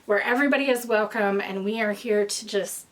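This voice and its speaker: A woman's voice: medium pitch, brisk. A young woman hosting her knitting video podcast, chatting casually and a little out of breath, rambling through tangents. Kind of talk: casual chat to camera.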